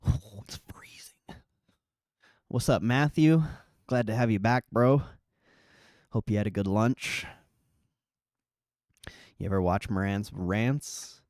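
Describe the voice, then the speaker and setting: A man with a lowish voice hosts a relaxed livestream, chatting loosely and swearing as he reacts to viewer comments. He laughs often and trails off into mumbles. The recording is close and dry. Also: slow, long pauses, dry recording. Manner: laid-back, swears a lot, laughs often. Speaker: livestream host. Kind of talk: casual livestream chat reading comments.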